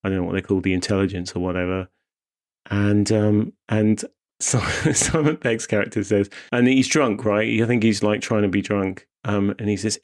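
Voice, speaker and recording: Co-hosting a podcast, a young man with a slight Wiltshire accent chats casually about films, rambling, stopping himself mid-thought, and laughing often. His voice is lowish and a little mellow, with fairly even intonation at a moderate pace. He comes from Wiltshire, England.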